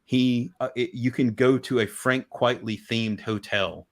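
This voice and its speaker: A man's voice: mid-range voice, steady tone, unhurried. A man chatting casually as a guest over a video call, rambling enthusiastically with many restarts. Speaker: guest collector. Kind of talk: casual chat.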